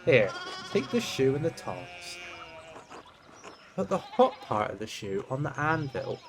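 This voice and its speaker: A man voicing a busy, friendly village blacksmith who gives brisk instructions in a video game. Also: a little high, sing-song, noisy background.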